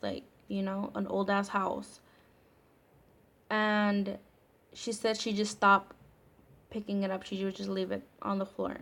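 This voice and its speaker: Young woman vlogger, chatty, says like a lot, kinda monotone, mid pitch. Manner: chatty, filler-heavy, swears casually. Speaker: storytime vlogger. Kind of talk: casual storytelling.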